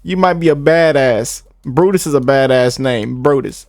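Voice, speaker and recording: A man's voice: medium pitch, moderate pace, hardly any pauses, a little mellow. A young American man hosting a casual reaction video, playful and mock-scared, laughing often and repeating himself. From United States.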